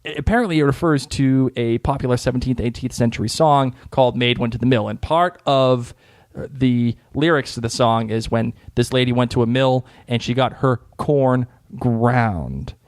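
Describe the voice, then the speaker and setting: A man's voice: mid-range voice, normal speed, dry recording, studio quality. A young man with a Boston accent hosting a casual podcast, joking and reading out listener comments. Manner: jokey, reads listener comments. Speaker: podcast host.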